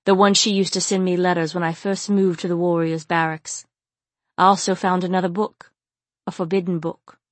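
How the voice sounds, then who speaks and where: A woman reading the part of a stern male djinn warrior, speaking quietly and grimly. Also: lowish voice, level tone, moderate pace, no room sound, lightly acted. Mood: earnest. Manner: quiet and grim. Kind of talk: audiobook character reading.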